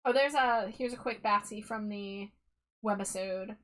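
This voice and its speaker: A woman's voice: mid-range voice, measured pace, fairly bright tone. A woman hosting a live stream, giving chatty, opinionated commentary with lots of fillers. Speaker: streamer host.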